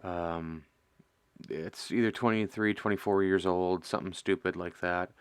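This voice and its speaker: Rambling middle-aged man with a low voice. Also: steady tone, measured pace, smooth. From Midwestern US. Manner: rambling, self-mocking, chuckles at himself. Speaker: host of a miniature painting stream. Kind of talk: casual chat while painting.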